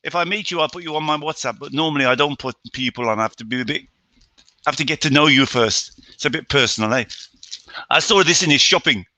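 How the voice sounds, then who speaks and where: A chatty English man hosts a casual live stream from home, greeting viewers by name. His voice is strikingly bright and fairly high for a man. The sound is dry, with no room echo. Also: fast talker. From England. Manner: chatty, reads out viewer names.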